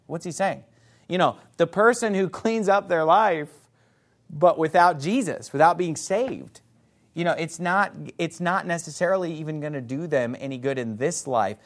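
A man preaching a sermon as pastor, quoting scripture and forcefully denouncing false teaching. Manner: animated pitch swings for emphasis.

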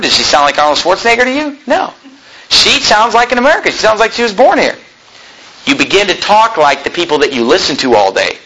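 A man's voice: high voice, sharp tone, slightly rough, rough recording. A pastor preaching a sermon from the pulpit in an emphatic style, firing rhetorical questions at his congregation. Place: church pulpit.

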